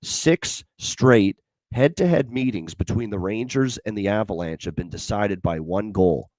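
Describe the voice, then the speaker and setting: Deep-voiced man breaking down betting picks. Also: measured pace, darkish tone, no echo. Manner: frequent fillers, repeats key stats. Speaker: betting show host. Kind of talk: sports betting analysis.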